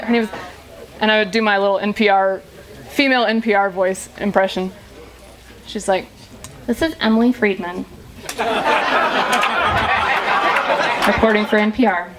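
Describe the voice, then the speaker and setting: At an indoor party, a woman political commentator who lives in Virginia gives a funny, sarcastic live talk and takes questions, chatty and laughing often. Her voice is mid-range, and the poor-quality audio picks up crowd noise in the room.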